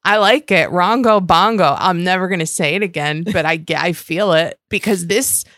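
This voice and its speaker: A woman's voice: on the low side, moderate pace, a bit bright, no room sound, clean studio sound. A woman co-hosting a podcast in casual chat, talkative and chatty. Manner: chatty, reads names aloud. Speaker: podcast co-host.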